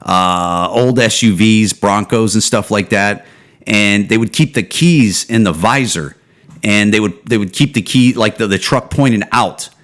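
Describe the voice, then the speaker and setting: A man's voice: measured pace, fairly bright tone. Profane rambling podcast man. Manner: profane, rambling, trails off with low "dude" and "man". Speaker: podcast host. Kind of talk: casual solo rant.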